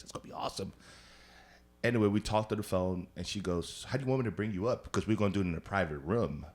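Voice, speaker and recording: A man's voice: low voice, darkish tone. A man, a comedian guest on a podcast, telling stories in casual chat and acting out the people he quotes with lots of laughter.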